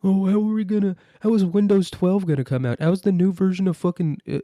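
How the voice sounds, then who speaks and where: A man putting on a whiny, mocking voice of a tech-industry apologist, pitched up in exaggerated mockery. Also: fairly even intonation, a little fast, mellow, dry recording, clean studio sound, close to an everyday voice.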